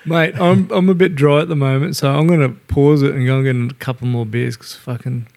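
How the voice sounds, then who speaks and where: A man's voice: mid-range voice, fairly even intonation, fairly quick, gravelly, darkish tone. An Australian man co-hosting a casual podcast, laughing often and swearing casually. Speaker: podcast co-host. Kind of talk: casual pub banter.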